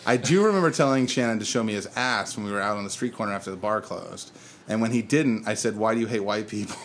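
A man's voice: on the low side, fast, fairly bright tone, slight background noise. A man in his thirties co-hosting a casual podcast chat, telling rambling stories and laughing at them. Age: 30s. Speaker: podcast co-host.

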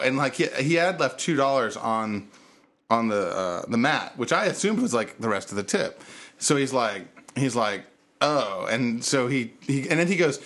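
A man hosting a podcast, telling a story in casual chat and acting out the people in it with big jumps in his voice. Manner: animated, acts out quotes with big pitch jumps. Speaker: podcast host.

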